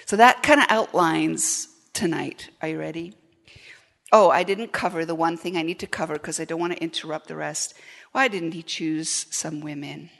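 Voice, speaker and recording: Animated woman preaching in an echoey hall. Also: lowish voice, gravelly. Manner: animated, asks the audience questions. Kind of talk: lively sermon.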